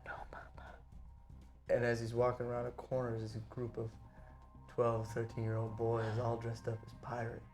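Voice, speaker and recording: A man playing a tabletop role-playing game, telling his character's backstory in an animated, laughing way. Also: mid-range voice, normal speed, pauses often, soft background music. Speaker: player. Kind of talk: casual tabletop storytelling.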